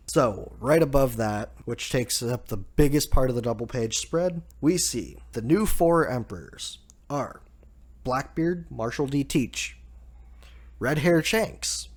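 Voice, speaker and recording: A man hosting a casual chapter review, relaxed, laughing often and saying "like" a lot. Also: medium pitch, takes it slowly. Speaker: manga review host.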